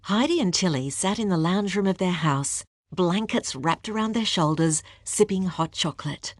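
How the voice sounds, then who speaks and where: A woman narrating an audiobook with a steady, expressive reading. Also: lowish voice, normal speed, no echo, studio quality. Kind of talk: scripted narration.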